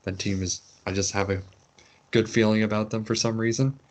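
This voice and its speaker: A man's voice: lowish voice, little pitch movement, a little fast. A man co-hosting a casual podcast, rambling and teasing his co-host. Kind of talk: casual chat.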